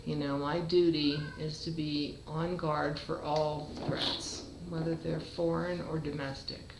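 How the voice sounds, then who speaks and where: Self-important kitten sentry, mock-solemn, unhurried delivery; a woman puts him on. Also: deep voice, little pitch movement, reverberant, noisy background. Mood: mock-serious. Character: dutiful male kitten guard, earnest and self-important.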